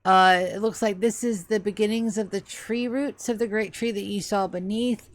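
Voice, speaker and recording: A woman narrating as game master of a tabletop game, describing scenes in an unhurried way with fillers. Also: medium pitch, fairly even intonation.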